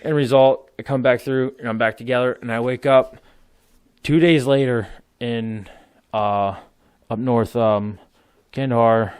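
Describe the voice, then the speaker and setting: A man's voice: medium pitch, steady tone, measured pace, darkish tone, smooth, no echo, studio quality. A man in his thirties telling war stories in casual podcast chat, rambling, laughing and swearing freely. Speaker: podcast guest, military veteran. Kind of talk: casual storytelling.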